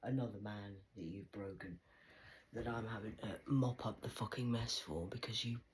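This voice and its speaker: A woman in a rambling monologue to camera, swearing often and swinging between loud outbursts and hushed whispers. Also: a bass voice, normal speed, slight background noise, low-quality recording.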